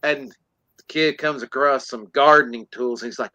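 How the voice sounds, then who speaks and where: A man's voice: medium pitch, steady tone, normal speed, sharp tone, dry recording, low-quality recording. A man co-hosting a podcast, casually retelling a film's plot and acting out the characters in silly voices. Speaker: podcast co-host.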